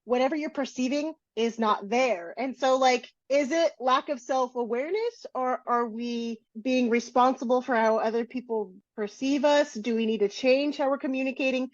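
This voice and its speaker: A woman's voice: high voice, normal speed, hardly any pauses, dry recording, lo-fi sound. A woman co-hosting a podcast, telling candid self-deprecating stories in casual chat. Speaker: podcast co-host.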